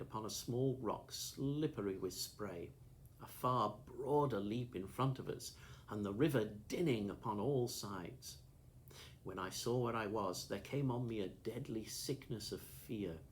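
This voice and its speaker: A male narrator with a fairly deep voice reads a classic adventure novel as an audiobook. His telling is steady and measured, with faint noise under the recording. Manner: steady, measured first-person storytelling.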